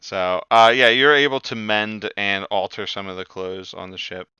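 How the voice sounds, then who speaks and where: A man's voice: on the low side, fairly even intonation, moderate pace, sharp tone, clean tone, no room sound, dull audio. A man running a tabletop game as game master, narrating hesitantly with frequent ums and uhs.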